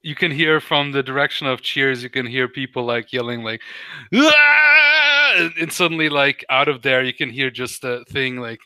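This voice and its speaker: A young man running a tabletop game, rambling casually through his scene descriptions with plenty of fillers. His voice is very bright and sharp, recorded dry and close. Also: medium pitch, brisk, hardly any pauses, smooth, no echo, low-quality recording. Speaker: game master.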